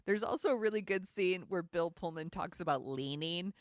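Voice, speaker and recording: Woman, podcast co-host, slightly low voice, dry close sound, chatty, laughs a lot. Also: moderate pace, no room sound. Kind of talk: casual chat.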